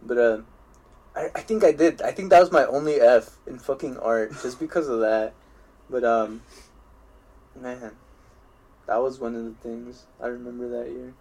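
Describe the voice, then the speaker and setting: A young podcast co-host, mid-range in pitch and speaking at normal speed with long pauses, rambles through looping stories about his school days in a laid-back chat. He restarts sentences constantly, swears freely, and often laughs at his own tales.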